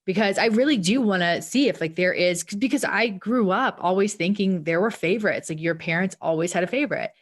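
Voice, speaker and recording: A woman co-hosting a podcast in casual chat, telling stories in an animated way and acting out her own lines. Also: medium pitch, fairly quick, hardly any pauses. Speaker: podcast co-host.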